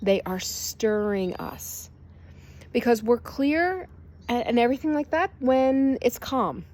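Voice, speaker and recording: A woman's voice: a little high, lively intonation, slow pace, a little mellow. Earnest woman healer, reassuring tone. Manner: earnest, reassuring, speaks in short phrases. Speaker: spiritual healer giving an energy update. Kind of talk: casual spiritual talk.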